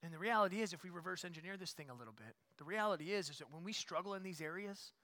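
A man leads his congregation through a sermon as pastor. His voice sits a touch high and rings bright and forceful. He drives repeated phrases to loud emphatic peaks, then sinks into low, hushed asides. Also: expressive, very fast. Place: church.

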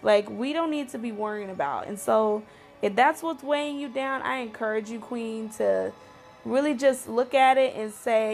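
A woman's voice: on the high side, moderate pace, faint music behind. A woman hosting a video series, speaking fervently and with frustration to her viewers, full of fillers and restarts. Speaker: series host addressing viewers. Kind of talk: impassioned personal commentary to camera.

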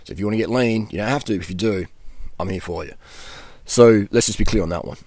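A man's voice: lowish voice, quick pace, darkish tone, no room sound, clean studio sound. A middle-aged man, a nutrition coach, answering viewer questions in a blunt, ranting monologue and laughing between points.

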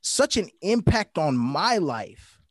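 A man's voice: on the high side, sing-song, takes it slowly, a bit bright, no echo. A young man in casual chat with friends, emphatic and heartfelt, cursing freely and repeating himself for weight.

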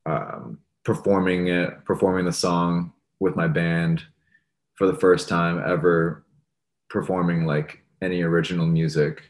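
Young man, very low voice, laid-back interview guest, filler-heavy. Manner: relaxed, rambling, many fillers like "like" and "you know". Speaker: musician guest. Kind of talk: casual interview talk.

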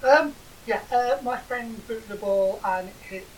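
A woman's voice: a little high, unhurried, darkish tone. An English woman, probably in her forties, co-hosting a podcast and telling stories in a dry, sarcastic way. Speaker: podcast co-host. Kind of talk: casual banter. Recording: distant mic with faint hiss.

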